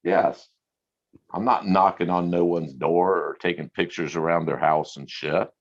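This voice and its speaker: A man in casual conversation, telling stories in a profane, animated way and laughing often. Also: deep voice, measured pace, vocal fry. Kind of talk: casual chat. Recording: lo-fi recording.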